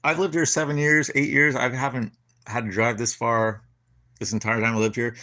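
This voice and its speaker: A man's voice: mid-range voice, level tone, normal speed, sharp tone. A man telling a long personal story to his live chat in a rambling, profane way, full of restarts and side remarks. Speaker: streamer.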